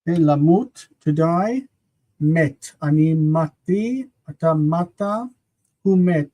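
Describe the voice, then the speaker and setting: A grammar teacher leads a live-streamed lesson at an unhurried, deliberate pace. The voice is mellow and soft-edged, and the teacher stops often to think, then repeats key words slowly so they sink in. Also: medium pitch, lively intonation. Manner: slow, patient explaining with frequent "uh" pauses; spells out forms aloud and repeats words slowly.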